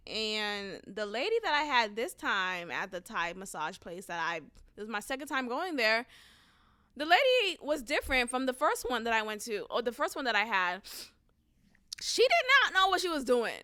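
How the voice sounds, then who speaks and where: A young adult woman hosting a podcast, ranting casually in an animated, profane way that flares into loud outbursts. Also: medium pitch, moderate pace, no echo, studio quality. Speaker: podcast host. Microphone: close studio mic.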